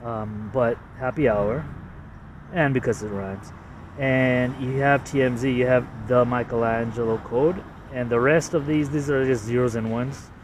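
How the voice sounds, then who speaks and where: A man's voice: medium pitch, fairly even intonation, unhurried, distant mic, noisy background. A man from Canada casually walking through his drawings, hesitant and self-deprecating, with lots of fillers. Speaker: artist showing his drawings. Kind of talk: casual rambling walkthrough.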